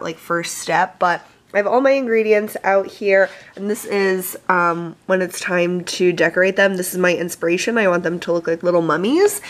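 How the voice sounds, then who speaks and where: A young woman chatting casually in a vlog, full of "like" and "um". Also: medium pitch. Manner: chatty, filler-heavy with frequent "like" and "um". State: morning voice. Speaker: vlogger.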